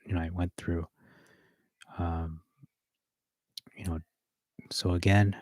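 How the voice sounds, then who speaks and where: A man rehearsing a sermon, reading scripture aloud and pausing with fillers and self-corrections. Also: sits low, flat delivery, dry recording. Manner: reads verses aloud, with hesitant fillers and self-corrections between. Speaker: preacher.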